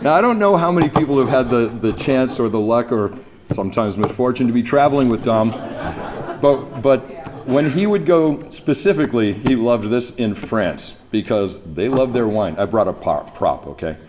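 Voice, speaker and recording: A man's voice: mid-range voice, expressive, moderate pace. A man from New Brunswick, Canada, giving an anecdotal memorial speech at a podium, chuckling as he tells stories. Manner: storytelling, chuckling, imitates others. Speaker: speaker at a memorial event. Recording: mic speech with background noise.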